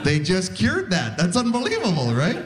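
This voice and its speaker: A man doing a stand-up comedy set on a club stage into a handheld mic, in chatty, self-deprecating storytelling with sudden pitch jumps. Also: huge pitch swings, normal speed. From Canada. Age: 40s.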